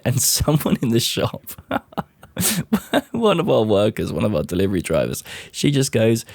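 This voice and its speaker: A young man, telling a story in a casual, profane, animated rant. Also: medium pitch, a little slow, creaky, dry recording. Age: 20s.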